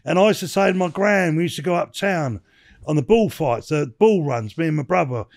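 A man's voice: on the high side, expressive, fairly quick. A man in his sixties telling rambling stories as a podcast guest, swearing and dropping "you know what I mean" throughout. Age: 60s. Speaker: podcast guest, former bare-knuckle boxer. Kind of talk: casual interview storytelling.

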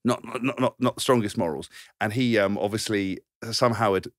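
A man's voice: fairly low pitch, a little fast, no room sound, clean studio sound. A man in his thirties, a podcast co-host and former rugby player, rambling through tour stories and acting out the voices in them. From England. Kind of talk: casual anecdote telling.

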